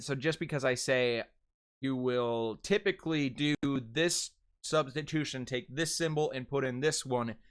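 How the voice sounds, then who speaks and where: Young American dialect coach, chatty and loose, stretches vowels to demonstrate, clear resonant voice. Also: male voice, medium pitch. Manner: chatty, many fillers and self-corrections, drawn-out demonstration vowels. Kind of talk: casual how-to lesson.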